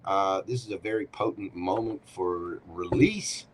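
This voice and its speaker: Man, slow easygoing talk, tarot reader chatting live, talks to himself, faint background hum. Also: low-pitched, poor audio. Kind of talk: casual live-stream tarot reading.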